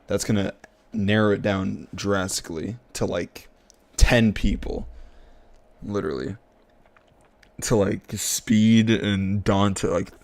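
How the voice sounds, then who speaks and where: A man's voice: on the low side, slow, vocal fry, long pauses, darkish tone. A young man streaming a guessing game, talking to himself in slangy, repetitive casual commentary, often exasperated.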